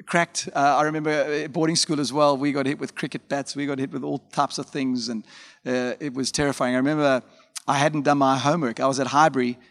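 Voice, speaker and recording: A man's voice: medium pitch, little pitch movement, a little fast. A man preaching a conversational sermon as a pastor, telling stories informally with frequent fillers and asides. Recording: long hall reverb.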